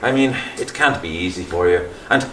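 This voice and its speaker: Actor as a nosy Liverpool priest, measured and pompous, lowish voice, on a roomy stage. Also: male voice, expressive, fairly bright tone, recorded from a distance, a little hiss or hum. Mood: probing. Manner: measured, probing, slightly pompous. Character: prying middle-aged Catholic parish priest. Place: theatre stage. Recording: roomy stage sound, faint ambience.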